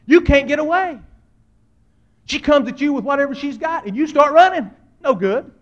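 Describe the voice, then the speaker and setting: A middle-aged man preaching a humorous storytelling sermon, swinging dramatically between loud outbursts and hushed asides. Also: extremely high pitch, animated, normal speed, dull audio.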